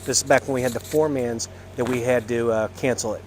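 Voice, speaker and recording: A man's voice: mid-range voice, steady tone, fairly quick, darkish tone, a little hiss or hum. A chatty man doing loose live commentary outside at a golf course in the evening. His talk wanders with plenty of fillers and restarts. Faint outdoor ambience sits underneath. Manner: rambling, filler-heavy, chatty. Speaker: livestream commentator.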